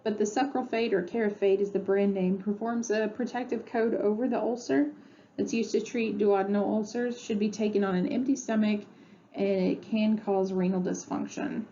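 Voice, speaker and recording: A pharmacy instructor records a lecture in a room at home, speaking conversationally and filling it with ums and uhs. Her mid-range voice is mellow, fairly even in intonation, at a moderate pace. The audio is dull and lo-fi with faint noise.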